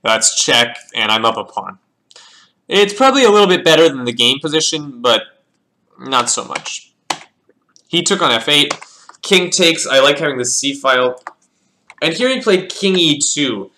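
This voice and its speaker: A man's voice: on the high side, expressive, normal speed, pauses often, bright, forceful tone. A man casually reviewing his own chess games, thinking aloud as he calls out the moves and often repeating words. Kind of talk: casual game analysis.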